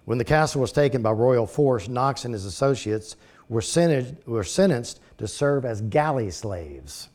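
A man teaching a class, reading from his notes and then breaking into relaxed, folksy asides. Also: mid-range voice, measured pace. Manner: reads text aloud, then breaks into folksy conversational asides.

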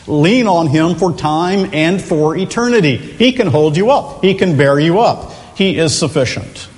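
A man preaching a sermon, earnest and emphatic, slowing and lifting his voice to stress key phrases. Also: fairly high pitch, lively intonation. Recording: long reverb of a large hall.

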